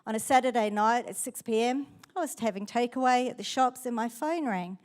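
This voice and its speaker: A woman's voice: fairly high pitch, fairly quick, smooth. A middle-aged woman pastor with a New Zealand accent, preaching a sermon in a chatty, storytelling way.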